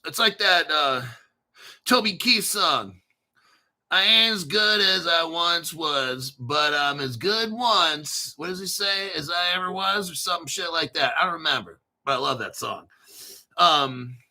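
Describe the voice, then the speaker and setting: High, bright-voiced ranting crypto host. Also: male voice. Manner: blunt, profane, ranting; clears throat often. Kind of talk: casual ranting commentary.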